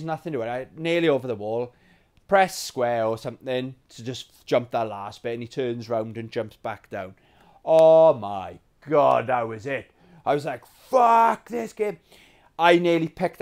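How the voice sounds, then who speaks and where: A man from England hosting a gaming vlog, telling stories in a rambling, animated way and swearing freely. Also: medium pitch. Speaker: gaming channel host. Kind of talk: casual storytelling vlog.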